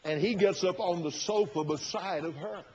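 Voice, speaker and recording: A man's voice: high-pitched, normal speed, a little mellow. Folksy preacher man, lo-fi sermon. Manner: folksy, retells the story with quoted inner thoughts. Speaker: pastor.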